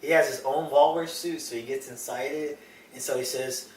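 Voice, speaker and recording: A man's voice: mid-range voice, steady tone, moderate pace, a little mellow. A young man in casual chat with a friend, rambling as he retells a movie, laughing often and acting out scenes. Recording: echoey room, mic from a distance, faint noise.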